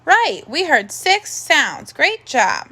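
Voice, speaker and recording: A woman teaching a first grade phonics lesson, slowly sounding out words and praising the children. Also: high voice, big pitch swings, pushed and bright. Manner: slow, clear, encouraging teacher talk with drawn-out sounds.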